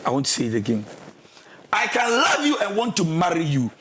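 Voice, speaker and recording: A Ghanaian man with a fairly high voice preaches marriage advice as a counsellor. He is emphatic, slips between English and Twi, and now and then rises to a shout or a sung phrase. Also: huge pitch swings, normal speed, slight background noise. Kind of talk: radio counselling talk.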